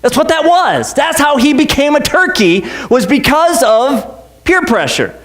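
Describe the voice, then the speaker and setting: A man with a notably high-pitched voice preaches in a church. His sermon is casual and joking, with frequent "okay"s and quick restarts. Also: animated, a bit bright. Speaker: pastor.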